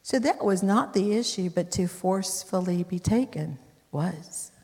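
A woman's voice: fairly low pitch, animated, measured pace, a little mellow. A woman preacher retelling scripture in a sermon, emphatic with conversational asides. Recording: long hall reverb.

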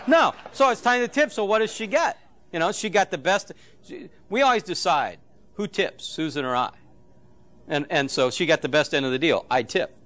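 High-voiced storytelling pastor. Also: male voice, a bit bright. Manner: storytelling with quoted dialogue, emphatic. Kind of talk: sermon.

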